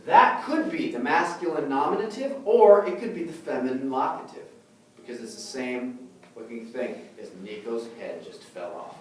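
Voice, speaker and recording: A man's voice: medium pitch, lively intonation, moderate pace, distant mic, slight background noise. A man teaching a language class, explaining patiently and often checking in with the students. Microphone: far camera. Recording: very echoey room, recorded from afar.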